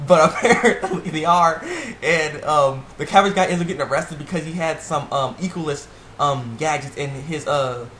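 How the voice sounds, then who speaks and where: A man casually recapping a TV episode, rambling and excitable, with lots of fillers and restarts. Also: on the high side, moderate pace. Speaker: TV episode reviewer. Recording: echoey room with faint background noise.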